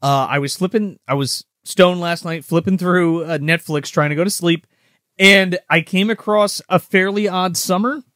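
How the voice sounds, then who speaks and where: A man's voice: high voice, normal speed, no echo. Man, podcast co-host, casual chat, rambling, profane, dry close-miked sound. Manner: rambling, profane, animated storytelling.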